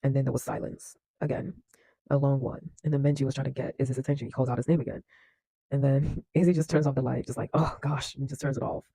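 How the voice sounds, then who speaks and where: A man's voice: mid-range voice, little pitch movement, fast talker, vocal fry, dark tone, no echo, rough recording. A man recapping and commenting on a film in a casual, chatty way, laughing often and leaning on fillers. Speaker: film reaction host.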